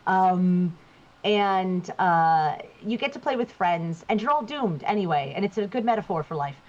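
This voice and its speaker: A woman's voice: lowish voice, lively intonation, normal speed. A woman from New Jersey, a voice actor guest chatting casually while gaming and shifting where her voice sits as she talks. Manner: chatty, shifts voice placement to demonstrate. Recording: dull lo-fi sound.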